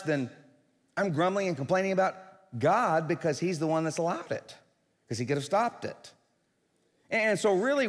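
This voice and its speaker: A male pastor, preaching an animated sermon that swings from low and earnest to loud and urging. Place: church sanctuary. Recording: long hall reverb.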